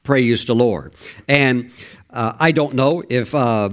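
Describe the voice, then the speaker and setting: A man preaching a sermon, reading scripture and acting out the voices of the listeners in animated asides. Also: medium pitch, takes it slowly.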